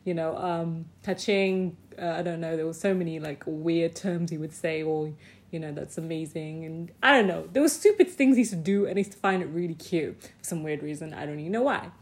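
A woman casually telling a personal story, animated, swearing freely and packing her talk with "like". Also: sits low, brisk. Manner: often laughs mid-sentence.

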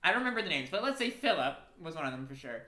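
A woman's voice: low-pitched, sing-song, rapid-fire, pushed and bright. A young woman casually making up crude, funny ghost stories, giggling often. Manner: giggly, playful, crude joking. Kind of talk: improvised comic ghost storytelling. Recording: echoey room.

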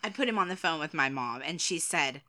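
Woman, low-ish pitch, bright tone, co-host, laughing, hesitant ums, casual chat. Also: animated, fairly quick. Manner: laughs often, hesitant with ums, self-deprecating. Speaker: co-host answering viewer questions.

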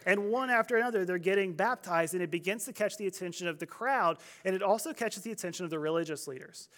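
A man's voice: high-pitched, fast, fairly bright tone. A man preaching a sermon as pastor, in a conversational, storytelling way with humor.

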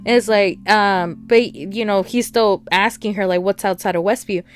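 A chatty woman rambles through a TV episode recap, slipping into the characters' lines as she goes. Her voice sits at a middle pitch, with soft guitar music playing faintly behind her. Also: steady tone, normal speed. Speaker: TV show reviewer. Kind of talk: casual recap and review.

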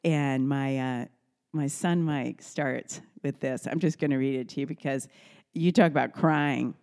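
A middle-aged woman in casual conversation at a kitchen table, telling family stories in a chatty way and acting out quoted lines. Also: a little slow. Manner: warm, chatty storyteller who acts out quotes in a high voice. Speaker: host. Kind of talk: casual storytelling.

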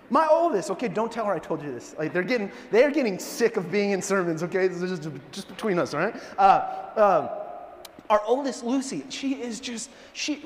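A middle-aged pastor preaching a sermon, animated and joking, telling stories in a church. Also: male voice, sits high. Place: church sanctuary. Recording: long church hall reverb.

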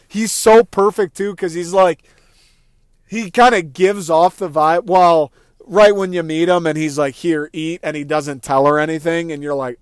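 A young man hosting a casual, rambling movie-review podcast, swearing freely and acting out his own reactions in quick asides. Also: a little high, clean tone, dry recording, studio quality. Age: young adult. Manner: rambling, excitable, profane, acts out quoted thoughts. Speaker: podcast host.

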